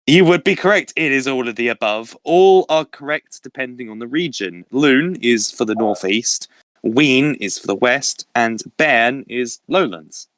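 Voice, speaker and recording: A man's voice: medium pitch, animated, measured pace, a bit bright, no echo. A young man hosting a casual quiz, reading out questions and options with frequent laughs. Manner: reads questions and options aloud, laughs often. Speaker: quiz host.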